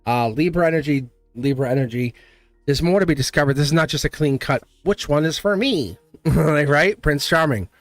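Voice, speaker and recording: A man's voice: a little high, normal speed, dry recording, soft background music. A man giving a live tarot reading, blunt and chatty, laughing often and acting out little voices. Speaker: tarot reader.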